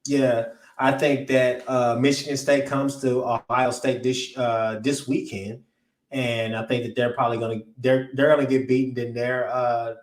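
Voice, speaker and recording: A man's voice: mid-range voice, level tone, moderate pace. Blunt rambling man, echoey and off-mic. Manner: blunt, rambling, with many restarts and filler words. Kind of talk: casual sports talk. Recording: roomy echo, distant from the mic.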